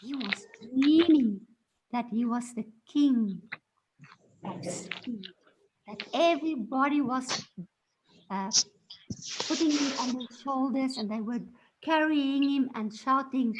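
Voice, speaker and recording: High-voiced, slow-paced woman teacher. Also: background noise. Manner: animated storyteller, gasps and acts out voices. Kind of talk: reading a story aloud to a class.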